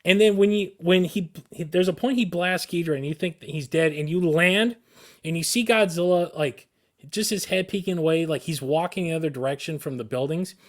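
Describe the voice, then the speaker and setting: A man co-hosting a podcast, telling a long story with excited, rambling energy and frequent restarts. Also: on the high side, brisk. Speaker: podcast co-host.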